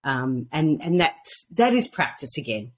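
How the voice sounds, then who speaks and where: A woman speaks as a guest on a casual podcast, telling stories with real animation. Her voice is a little husky, and her pitch swoops high and low as she acts out the quoted lines. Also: measured pace. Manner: animated storyteller acting out quoted dialogue. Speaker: guest author on intuition. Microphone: podcast microphone at a computer.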